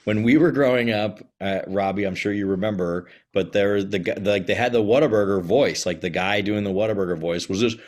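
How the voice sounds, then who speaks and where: A man's voice: fairly low pitch, a little fast, hardly any pauses. A man from Texas, a voice actor guest, telling stories in a chatty podcast interview over a video call. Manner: chatty storyteller, slips into character voices.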